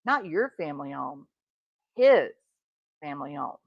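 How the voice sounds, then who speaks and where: A woman's voice: low-pitched, big pitch swings, measured pace, creaky, no room sound, muffled recording. A middle-aged woman giving indignant, emphatic true crime reaction commentary. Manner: indignant, emphatic, talks straight to the subject. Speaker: commentary host.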